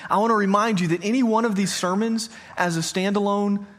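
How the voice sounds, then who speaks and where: A pastor in his late thirties preaches a sermon built around a personal story in a church hall before a congregation. His slightly high voice moves briskly, and his relaxed, conversational manner includes frequent questions put to the listeners.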